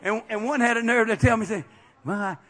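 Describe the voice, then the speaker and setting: A middle-aged male pastor preaching a fervent sermon, peppering his phrases with amen and building up to shouts. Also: extremely high pitch, fairly even intonation, fast talker.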